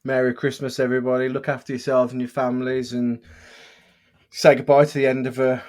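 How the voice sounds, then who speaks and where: A man's voice: mid-range voice, flat delivery, fairly quick, darkish tone. Rambling male podcast co-host. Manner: rambling, restarts, amused. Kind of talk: casual film-review chat.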